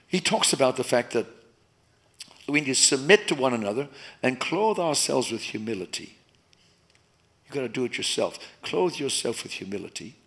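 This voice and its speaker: A man preaching from the pulpit in a mid-range voice. He climbs into loud, emphatic bursts, then sinks to a hushed, intimate tone. Animated, expressive preaching. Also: mid-range voice. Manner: animated preaching, rising loud and dropping to soft. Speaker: pastor. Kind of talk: sermon.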